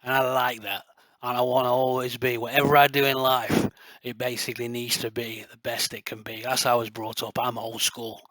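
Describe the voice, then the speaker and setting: A middle-aged man talks straight to camera in a loose, rambling flow, dropping in fillers and boasting with real passion. His pitch stays fairly level and flat throughout. The sound is close and dry, with no room around it. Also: brisk, no echo. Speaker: light gun builder and video creator. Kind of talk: casual rambling talk to camera.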